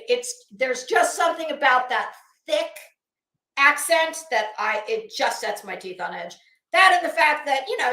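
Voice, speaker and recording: A woman's voice: high-pitched, fairly bright tone, roomy sound. A woman hosting a casual live commentary stream, chatting with viewers in a gossipy, sarcastic way and laughing often. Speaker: YouTube commentary host.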